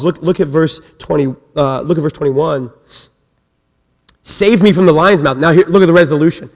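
A man preaching a sermon as pastor, emphatic, repeating his phrases and swinging between loud and soft. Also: on the high side, normal speed. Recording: long hall reverb.

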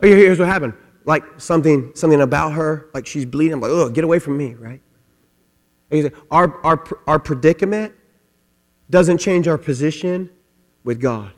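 A middle-aged man preaching in a church hall, his slightly high voice carrying a long reverb. He tells stories with energy and shouts out quoted lines, then eases down soft and low to drive the point home. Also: normal speed. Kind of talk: sermon with a comic story.

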